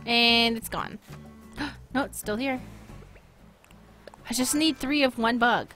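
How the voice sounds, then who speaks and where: A woman with a Boston accent chats through a live game stream, excitable and quick to gasp or laugh. Her voice sits a little high. Faint game music runs underneath. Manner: excitable, gasps and laughs often. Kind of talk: live gameplay commentary.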